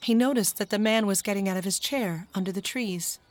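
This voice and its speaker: A woman narrating a children's storybook as an audiobook in a calm, even manner. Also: mid-range voice, fairly quick.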